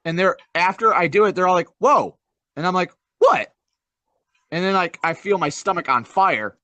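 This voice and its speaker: A young man co-hosting a casual podcast, telling a rambling story with lively swings and the odd curse. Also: high voice, brisk, dry recording. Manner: animated storyteller, swears. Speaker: podcast co-host.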